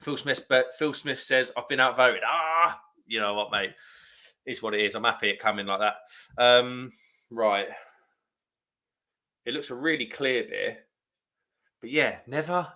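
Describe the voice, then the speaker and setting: A man's voice: mid-range voice, a little slow, long pauses, sharp tone. A man hosting a casual beer-review live stream, chatting in a rambling way and reading viewer comments aloud.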